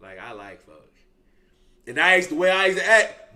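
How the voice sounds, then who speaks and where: A man's voice: on the high side, fast talker. A man hosting a reaction video, telling street stories in a loose, profane, slang-heavy way and ending lines with "boy". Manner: animated, slangy, drawls 'boy' at line ends. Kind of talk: casual profane storytelling.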